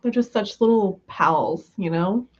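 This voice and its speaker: A woman's voice: mid-range voice, lively intonation, a little slow, a little mellow, breathy edge, dull audio. A woman from the US West Coast chatting casually with viewers on a livestream, giggly and full of fillers, just over being sick. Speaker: livestream host.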